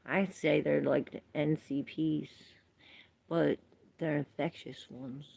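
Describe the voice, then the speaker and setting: Slow, gravelly-voiced woman host. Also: low voice, fairly even intonation, a little mellow. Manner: rambling, laughs often, reacts to chat comments. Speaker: tarot livestream host. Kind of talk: casual livestream chat.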